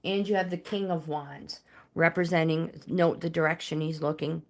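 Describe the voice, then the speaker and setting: Woman, lowish voice, chatty live-stream tarot reader who talks to her viewers. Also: fairly even intonation, normal speed. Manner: chatty, talks to viewers by name, reads card meanings. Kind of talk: casual live-stream card reading.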